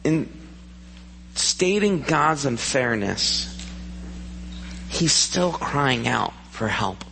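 A man gives an earnest sermon from the front of a church, turning to the congregation with questions. His voice sits at a middle pitch and rings out with the long reverb of the sanctuary, over a faint hum. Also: very animated, extremely slow, vocal fry, pauses often, a bit bright. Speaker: preacher.

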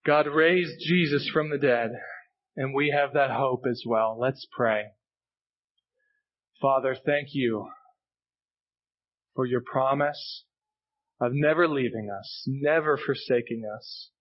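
A man's voice: medium pitch, fairly even intonation, slow, long pauses, muffled recording. A male pastor preaching a sermon, earnest and emphatic, repeating key phrases for weight. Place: church sanctuary.

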